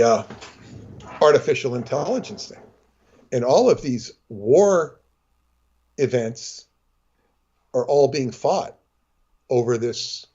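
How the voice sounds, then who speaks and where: A man's voice: medium pitch, warm tone, slightly rough, muffled recording. A man telling stories and talking astrology in casual chat, rambling with many restarts and breaking into character voices. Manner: rambling, full of fillers and restarts, acts out voices.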